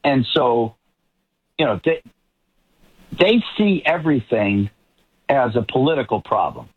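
A man's voice: mid-range voice, very animated, unhurried, husky, phone-quality sound. A man from the Boston area giving emphatic political commentary as a talk show guest, often repeating words as he builds a point. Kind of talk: talk show panel discussion.

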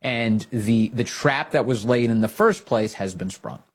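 A man with a husky, slightly rough voice hosts a commentary show. He talks in a loose, casual way and leans into sarcasm and mock disbelief, often slipping into rhetorical questions. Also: medium pitch, a little slow. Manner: sarcastic, incredulous. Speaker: political commentary host.

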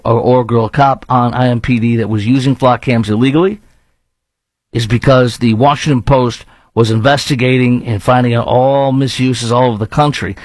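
A man's voice: medium pitch, dry recording, low-quality recording. A man with a Chicago accent hosting a talk radio show, delivering a rambling, opinionated monologue and arguing with imagined objections.

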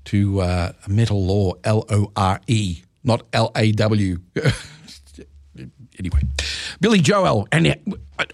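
A man's voice: fairly low pitch, darkish tone, dry recording, clean studio sound. A man hosting a music radio show, rambling and correcting himself with chuckling asides. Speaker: radio presenter. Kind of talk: casual radio chat.

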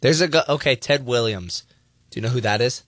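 A man's voice: mid-range voice, a bit bright, no echo. A young man co-hosting a radio show, chatting casually and filling his talk with "like". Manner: chatty, many likes, quick to laugh off. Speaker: radio co-host.

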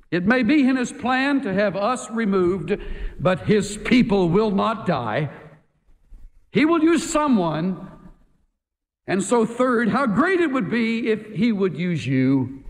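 A man's voice: high voice, big pitch swings, measured pace. A man preaching a sermon in an emphatic way, pressing his point with rhetorical questions. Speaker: pastor. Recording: echoey hall reverb.

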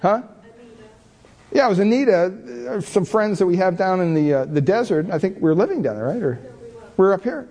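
A man's voice: high voice, lively intonation, a little fast, dark tone. A middle-aged man preaching a sermon, telling candid, self-deprecating stories about himself with many casual fillers. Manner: chatty, many fillers like "you know". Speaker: pastor.

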